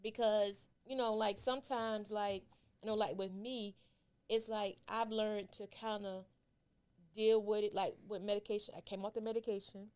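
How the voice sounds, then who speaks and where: A woman's voice: medium pitch, little pitch movement, moderate pace, a little mellow, clear, resonant tone. A woman hosting a podcast interview, talking loosely with many fillers. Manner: rambling, full of "you know" fillers. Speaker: podcast host. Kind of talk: casual interview chat.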